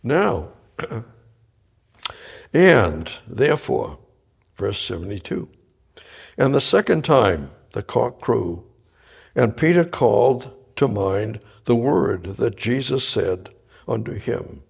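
A man teaches from the Bible verse by verse, his voice gravelly and a little husky. He speaks slowly and deliberately, rising to loud emphatic bursts and dropping to a hushed near-whisper. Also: mid-range voice, sing-song. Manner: reads scripture then explains it, swinging from loud emphatic bursts to hushed quiet. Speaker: preacher.

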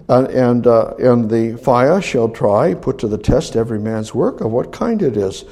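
A man preaching a sermon, reading scripture aloud and commenting on it, swinging from loud emphatic rises to hushed near-whispers. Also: mid-range voice, expressive, unhurried, breathy edge. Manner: reads scripture aloud and comments between verses.

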